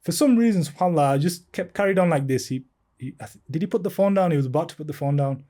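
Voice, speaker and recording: A man in his thirties, a podcast guest telling a long anecdote in a casual, animated way, laughing often. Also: on the high side, quick pace. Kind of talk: casual storytelling.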